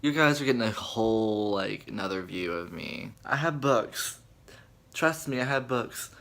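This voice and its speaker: A man's voice: lowish voice, lively intonation, measured pace, creaky, a bit bright. A young man chatting dramatically about a book in a casual reading vlog, full of fillers. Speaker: book vlogger.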